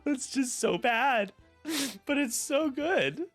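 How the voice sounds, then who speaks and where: A man commentating a tabletop miniatures game in casual chat, given to loud excited outbursts and frequent laughter. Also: very high-pitched, slow, faint music behind.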